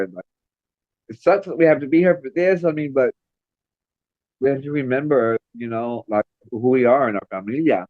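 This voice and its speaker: Middle-aged man, interview guest, makeup artist, animated storyteller, acts out quotes, mid pitch, dry muffled recording. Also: a little fast, no echo. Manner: animated, acts out quoted voices, laughs often. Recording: dry, slightly dull lo-fi recording.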